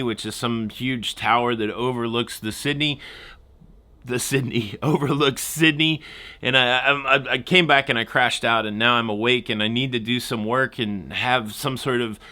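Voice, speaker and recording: A man from the United States talks through his travel vlog in a loose, rambling way, laughing now and then. He has a bright, forceful tone at an ordinary pitch for a man. He has just woken up in the middle of the night. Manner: chatty and rambling, laughs often. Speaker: travel vlogger.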